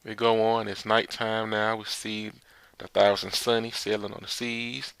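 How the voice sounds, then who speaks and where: A man's voice: fairly low pitch, level tone, measured pace, vocal fry, fairly bright tone, clean tone, no echo. A man casually recapping a comic chapter, rambling with loose filler words and frequent laughs. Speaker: manga chapter reviewer.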